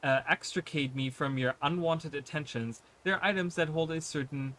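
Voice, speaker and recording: A man's voice: on the high side, normal speed, a bit bright, natural voice. A man voicing a haughty, rude male wanderer who talks in fancy words, reading the lines aloud and stumbling on long words.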